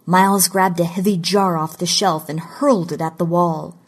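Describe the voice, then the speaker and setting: A woman narrating a fantasy short story in a measured, deliberate storytelling delivery. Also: on the low side, fairly even intonation. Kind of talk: scripted audiobook narration of fiction.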